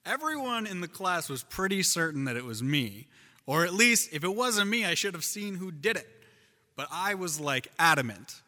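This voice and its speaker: A man preaching a sermon, telling a childhood story with lively swings between loud and hushed delivery. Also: high-pitched, normal speed, in a large hall. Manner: animated storyteller, shifts loud and soft. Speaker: pastor.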